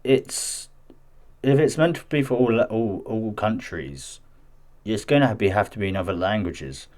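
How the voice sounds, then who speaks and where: A man's voice: fairly low pitch, measured pace, a little mellow. A man hosting a gaming news vlog, reading an article aloud with chatty, defensive asides and frequent stumbles. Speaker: gaming news channel host. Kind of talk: casual commentary mixed with reading news aloud.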